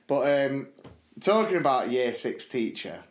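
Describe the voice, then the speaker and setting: A British man co-hosts a casual podcast and tells lively stories. He laughs along and acts out the people in them. His voice sits at an ordinary middle pitch. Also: unhurried. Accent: British English. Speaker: podcast co-host, teacher. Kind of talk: casual chat.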